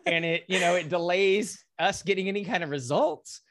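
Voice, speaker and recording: Man, podcast guest, energetic motivational storyteller, casual and blunt. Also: high voice, moderate pace. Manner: animated, casual, swears, mimics voices in anecdotes.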